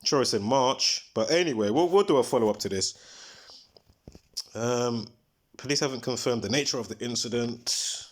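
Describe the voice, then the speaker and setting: A man's voice: mid-range voice, normal speed. Rambling man on a livestream. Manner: rambling, emphatic, breaks off mid-thought to recall details. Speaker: livestream host. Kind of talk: casual livestream commentary.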